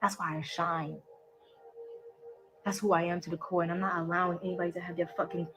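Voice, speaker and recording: A woman's voice: fairly low pitch, flat delivery, brisk, a bit bright, faint music behind, rough recording. A woman in a played social media clip, ranting in a boastful, profane and emotional way and affirming herself. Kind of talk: social media live rant.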